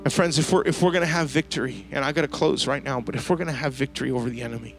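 A man preaching a sermon to a church congregation, telling a lively story and using casual slang. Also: medium pitch, rapid-fire, soft background music. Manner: storytelling, animated, slangy asides. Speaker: pastor. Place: church service before a congregation.

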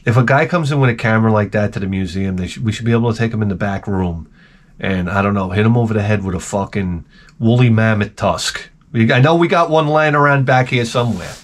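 A man hosting a video, telling a rambling, profane comic rant with lots of restarts and asides, swinging between loud bursts and muttered remarks. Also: fairly low pitch, quick pace. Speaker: video host.

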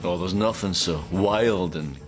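An actor playing a Scottish actor gone Hollywood, with an affected, Americanised Scottish accent and a smooth manner. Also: male voice, low voice, unhurried, faint music behind. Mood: smug. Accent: Scottish with put-on American polish.

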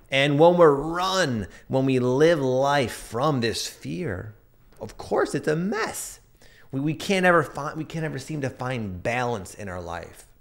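Earnest male astrology reader in his thirties, relaxed chat with personal asides, average pitch. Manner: earnest, reflective, tells personal anecdotes. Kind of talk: casual spoken astrology update.

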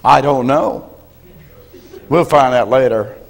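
An older man preaching a sermon as a pastor, telling folksy stories and often clearing his throat. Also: medium pitch, takes it slowly. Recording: reverberant church hall.

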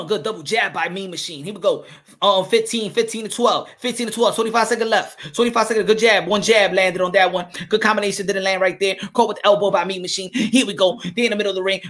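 A man calling a boxing fight live as channel host, excitable, repeating his calls and swearing. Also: high voice.

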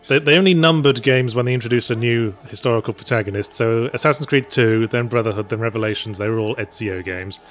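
A man's voice: mid-range voice, fast, hardly any pauses, fairly bright tone, faint music behind. A man co-hosting a casual let's play, explaining the game in a dry, sardonic way. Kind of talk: casual gameplay commentary.

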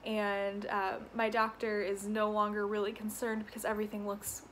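A woman's voice: mid-range voice, completely flat delivery, moderate pace, a bit bright, a little hiss or hum, poor audio. A woman hosting her own podcast from her apartment, chatting casually and rambling, often laughing, out of breath and stuffy from allergies. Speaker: podcast host. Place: home apartment with windows open.

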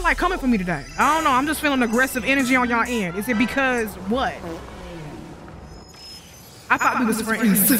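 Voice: high-pitched, pushed and bright. A young adult gaming YouTuber giving casual gameplay commentary, sassy and rambling, full of profane trash talk.

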